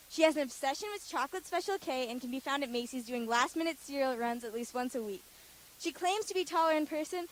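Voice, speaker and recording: A woman announcing candidates at a school assembly, reading playful introductions briskly. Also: high-pitched, rough recording.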